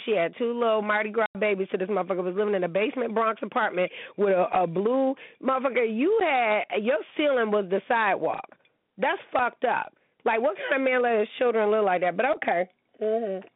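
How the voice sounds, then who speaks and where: A woman's voice: a little high, brisk, dry recording. A woman hosting a show, ranting in a blunt, profane and sassy casual way. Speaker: host. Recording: tinny phone-like sound, dry.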